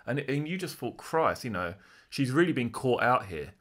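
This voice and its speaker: A man's voice: mid-range voice, normal speed. A man, recounting a courtroom trial he attended in a chatty, conversational way. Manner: conversational, lively re-enactment of courtroom exchanges. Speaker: true crime vlogger. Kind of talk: casual spoken recounting.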